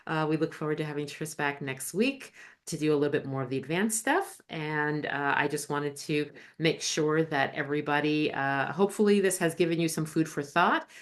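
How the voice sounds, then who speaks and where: A woman with a notably low voice hosts an online session, relaxed and loose with her words. She speaks over a video call, pausing with fillers as she passes on questions and wraps things up. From Canada. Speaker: host. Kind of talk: casual webinar hosting.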